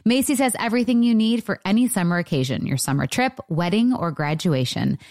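A woman giving an upbeat scripted ad read with a bright, brisk delivery. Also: mid-range voice, animated, dry recording, clean studio sound. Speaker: ad reader.

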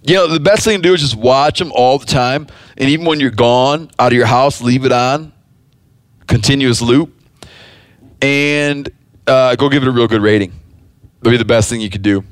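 A man's voice: mid-range voice, normal speed, no echo. A man hosting a casual podcast, talking in a rambling way with many restarts and dry jokes. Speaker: podcast host.

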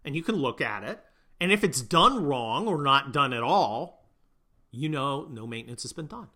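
A mid-range male voice carries this casual, opinionated commentary. He's crude and blunt, cracks jokes on the side, and veers between loud bursts and muttered asides.

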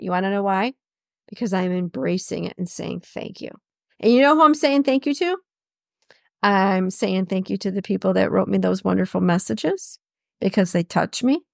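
A woman's voice: mid-range voice, creaky, no room sound, clean studio sound. A middle-aged woman hosting a personal podcast, talking emphatically, repeating her key phrases and laughing often. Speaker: podcast host. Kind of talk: personal solo podcast talk.

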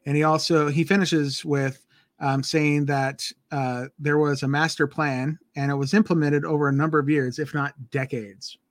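Relaxed co-host, mid pitch, dry close recording; steady, laid-back recap narration. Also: normal speed, dry recording. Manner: easygoing, laughs often, walks through the episode. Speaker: podcast co-host. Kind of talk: casual chat recapping a TV episode.

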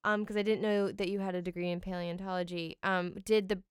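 A woman in casual chat, talking in an animated, laughing way. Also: fairly low pitch, fairly quick, clear, resonant tone, no echo, clean studio sound.

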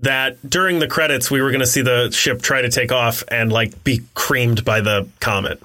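A man's voice: mid-range voice, moderate pace. A man co-hosting a casual film review podcast, joking and laughing as he explains things. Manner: animated, jokey, laughs often. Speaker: podcast co-host.

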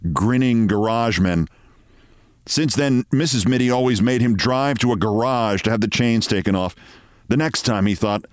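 A man reading a short story aloud in a measured, even narration. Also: fairly low pitch, smooth, no room sound, clean studio sound.

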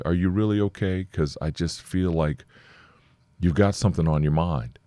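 A man's voice: very deep voice, a little mellow, dry recording, clean studio sound. A man preaching a sermon in a plain, conversational way, acting out short exchanges.

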